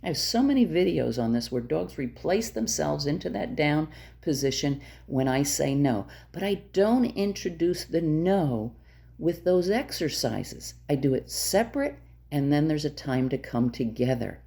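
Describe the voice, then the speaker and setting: A woman dog trainer explains her methods in a direct, emphatic manner, often repeating herself to drive the point home. Her voice sits low and mellow with a gravelly edge. Her pitch swings widely from phrase to phrase. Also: very animated, a little slow. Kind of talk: instructional talk to camera.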